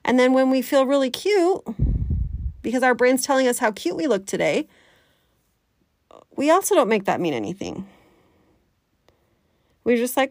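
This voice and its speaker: A woman life coach, talking to her listeners in a chatty, animated way and slipping into the voice of her inner critic. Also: on the high side, measured pace, long pauses, dry recording, studio quality. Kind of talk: coaching podcast talk.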